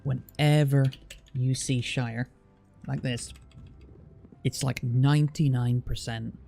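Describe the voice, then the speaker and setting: English male streamer, very gravelly and dark-toned, blunt and teasing, casual chat, faint music behind. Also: medium pitch, steady tone. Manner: chatty, blunt, teasing, drawn-out fillers.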